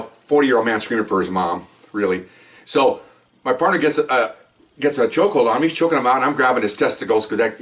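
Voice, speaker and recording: An older man, a retired cop, talks quickly and keeps drifting into jokey side stories. He keeps checking in with "okay?" and "you know" as he goes. His voice sounds a bit distant from the microphone. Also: mid-range voice. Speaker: retired police officer telling stories. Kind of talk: casual storytelling monologue.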